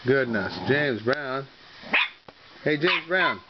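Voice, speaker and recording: On a muffled home video with background noise, a man films his pet dogs and talks to them in playful, coaxing baby talk. His mid-range voice moves slowly with lively intonation.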